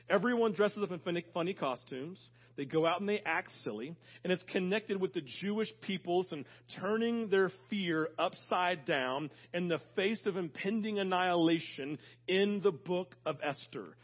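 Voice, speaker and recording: A man's voice: high-pitched, dull audio. A man preaching a sermon as pastor, telling stories animatedly and talking straight to the congregation. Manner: animated storytelling, talks directly to congregation.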